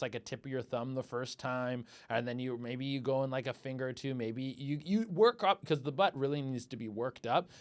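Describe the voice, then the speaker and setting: A man hosting a comedy podcast, rambling crudely and acting out little quoted exchanges. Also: mid-range voice. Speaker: podcast host.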